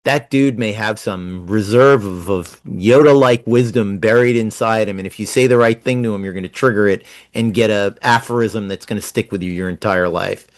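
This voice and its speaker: Fast-talking man in his sixties. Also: on the low side, no room sound. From New Jersey. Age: 60s. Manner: fast-talking, animated storyteller. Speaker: guest writer. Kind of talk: casual interview chat.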